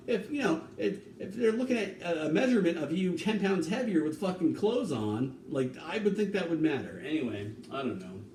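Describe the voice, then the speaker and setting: A man talking in a rambling, casual way, swearing now and then, with sudden loud bursts and some humming and scatting. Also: on the high side, far from the mic. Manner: hums and scats tunes between talking. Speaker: vlogger cooking on camera. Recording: echoey room, off-mic, faint hum.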